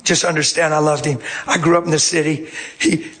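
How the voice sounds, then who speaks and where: Brief: male preacher with a high voice, animated sermon storyteller. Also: moderate pace. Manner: animated, swings from low murmurs to shouting. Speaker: pastor.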